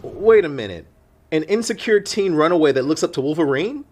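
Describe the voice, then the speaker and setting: A man arguing bluntly in a comedy review, mostly deadpan but with pitch that swings widely. He plays the sharp-tongued skeptic. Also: fairly quick, a little hiss or hum. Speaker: co-host, arguing foil.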